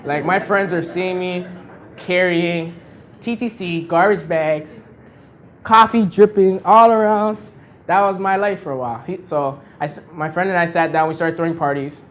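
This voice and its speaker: A man in his thirties giving a motivational storytelling speech at a launch party, animated and laughing often. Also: high-pitched, normal speed. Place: event venue with an audience.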